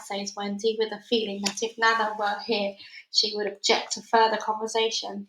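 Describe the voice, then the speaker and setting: A woman reading a storybook aloud as narrator, in a calm, measured way. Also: medium pitch, slight background noise. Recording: roomy echo.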